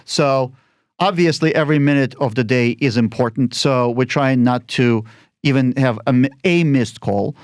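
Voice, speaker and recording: A man, a lawyer guesting on a podcast, telling quick stories and acting out the client dialogue himself. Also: mid-range voice, clean tone, no room sound, studio quality. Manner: quick storytelling that acts out phone calls and client dialogue. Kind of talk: casual interview talk.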